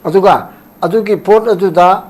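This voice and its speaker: An older man being interviewed about politics, speaking rapidly and emphatically, sometimes quoting documents in English. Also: high-pitched, a little mellow. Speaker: former human rights commission chairperson, interview guest.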